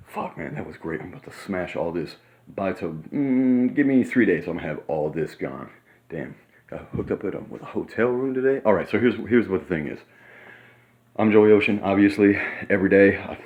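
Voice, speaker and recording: A man in his thirties, excitable and rambling in a casual vlog monologue, sometimes talking while eating in a hotel room. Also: deep voice, narrow, tinny audio. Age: 30s. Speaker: vlogger.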